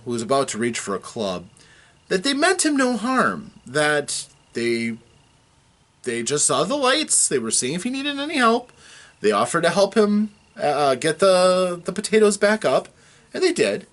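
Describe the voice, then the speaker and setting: A man serving as dungeon master, casually recapping a tabletop game session, telling it with animated chuckles and restarts. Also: high voice, a little slow.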